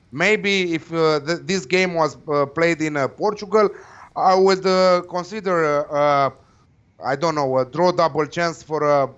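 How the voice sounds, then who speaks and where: A man's voice: on the high side, a bit bright. Hesitant man, muffled audio. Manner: hesitant, many uh fillers, confident opinions. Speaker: football betting pundit. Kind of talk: casual panel chat.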